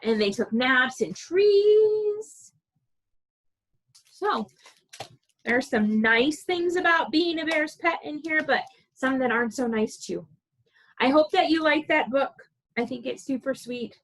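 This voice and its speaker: A woman librarian reading a picture book aloud to preschoolers, animated and playful, asking the children questions as she goes. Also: sits high, a little slow, rough recording.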